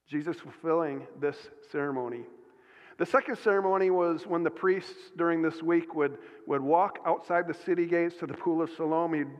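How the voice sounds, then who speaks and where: A man preaching a sermon as pastor, earnest, often restarting and filling pauses with "uh" and "um". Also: a little high. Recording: dull sound with long hall reverb.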